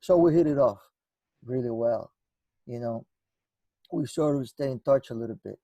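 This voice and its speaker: A man's voice: medium pitch, normal speed, mellow, dry recording. A man guest in an interview, telling stories in a rambling way with many restarts and acted-out dialogue. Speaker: guest musician. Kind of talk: conversational storytelling.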